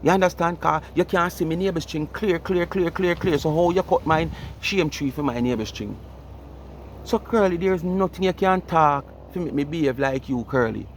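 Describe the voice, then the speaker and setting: Man, Jamaican accent, slightly high voice, mocking comedic rant, faint traffic behind. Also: normal speed. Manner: animated, repeats the listener's name over and over. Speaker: vlogger. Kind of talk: ranting commentary.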